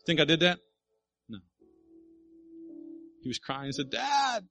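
A man's voice: fairly high pitch, unhurried, sharp tone, dull audio, soft background music. A middle-aged male pastor preaching a sermon, telling a family story and building to emphatic appeals.

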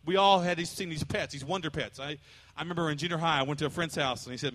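Male pastor, high-pitched, emphatic sermon delivery with playful asides. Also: fast, a bit bright. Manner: preachy and emphatic, with call-and-response and playful imitations.

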